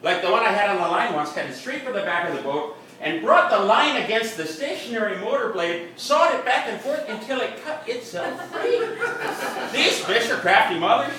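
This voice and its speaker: A man's voice: high voice, big pitch swings, moderate pace, pushed and bright, slight background noise, full character voice. A man playing a boastful, folksy fisherman with a Wisconsin accent, telling a comic tall tale in ungrammatical backwoods talk at a live reading. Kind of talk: comic character monologue. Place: upstairs room of a bar at a live reading. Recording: echoey room, mic far off.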